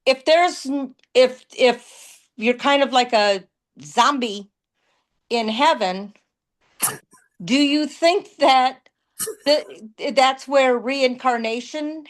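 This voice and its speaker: A woman hosting a podcast, asking a question in a halting way and searching for words. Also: sits high. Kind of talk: interview questions.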